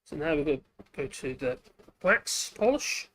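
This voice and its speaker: At the workbench, a woodworking channel host chats casually while demonstrating, thinking aloud and correcting themselves along the way. The voice is mid-range and fairly bright, with lively intonation and a normal pace.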